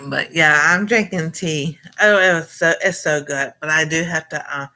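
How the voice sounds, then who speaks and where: A woman's voice: low-pitched, moderate pace, bright, forceful tone. A middle-aged woman chatting casually and rambling to viewers on a cooking livestream, greeting them and laughing often. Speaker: cooking channel host.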